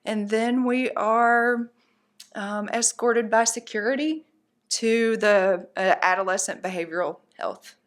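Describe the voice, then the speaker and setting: A woman's voice: fairly high pitch, takes it slowly. A middle-aged woman, a guest, recounting her family's experience in a candid interview, earnest, practical and upbeat in how she talks. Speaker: guest, mother of a patient.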